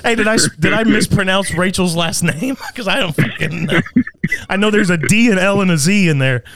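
A man's voice: sits high, brisk, fairly bright tone, no echo. A man hosting a podcast, chatting casually, laughing and swearing.

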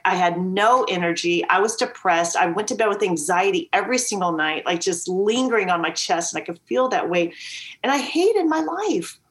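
A woman's voice: mid-range voice, fairly bright tone. A woman guest on a video call, earnestly and emphatically telling her story as a mother. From Virginia. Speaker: podcast guest. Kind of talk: candid storytelling interview.

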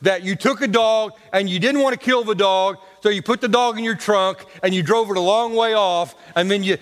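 A man's voice: high-pitched, normal speed, fairly bright tone. A male pastor preaching a sermon in a folksy, humorous storytelling way, with casual grammar. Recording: church hall reverb.

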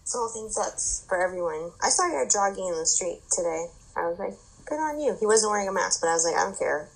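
A woman guest on a podcast, chatting casually and agreeably, quick to chime in. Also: medium pitch, vocal fry, slightly rough, low-quality recording. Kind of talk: casual chat.

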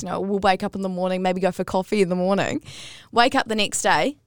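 Woman, casual podcast storytelling, animated, dry studio sound. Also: mid-range voice, a little fast, hardly any pauses, clear, resonant tone, no echo. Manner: animated storyteller, rising to squeals at punchlines. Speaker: podcast co-host.

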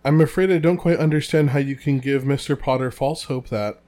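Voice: medium pitch, fairly quick, mellow, natural voice. A podcast co-host reading the part of a simpering, sugary middle-aged woman official in a honeyed, falsely polite tone. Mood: saccharine. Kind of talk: reading a novel aloud on a podcast.

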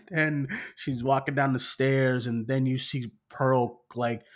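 A man's voice: mid-range voice, slow pace. A man casually recapping a horror film with a co-host, acting out scenes with plenty of fillers. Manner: animated storytelling, acting out scenes, frequent fillers. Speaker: podcast co-host.

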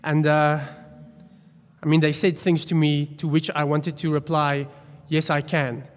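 A man's voice: fairly high pitch, level tone, a little slow. A man preaching a sermon, telling a story in a chatty, self-deprecating way. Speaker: pastor. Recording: long hall reverb.

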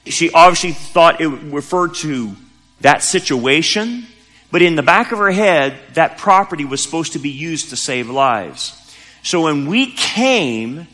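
A male pastor preaches in a loose, conversational storytelling manner, pushing his voice up when he drives a point home. His tone is bright and forceful and sits a bit high. The sound rings out with a long reverb tail, as in a large church hall. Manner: storytelling, conversational with emphatic rises. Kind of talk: sermon. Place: church sanctuary.

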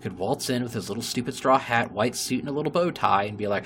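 A man's voice: lowish voice, brisk, few pauses, fairly bright tone, a little hiss or hum. Man ranting on a podcast. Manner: ranting, heavy swearing. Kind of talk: casual podcast talk.

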